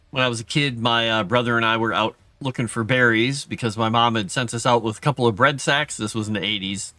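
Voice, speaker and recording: A middle-aged livestream host chats casually with viewers, telling self-deprecating childhood stories and raising his pitch when imitating what others said. His delivery is pushed and bright, with no echo.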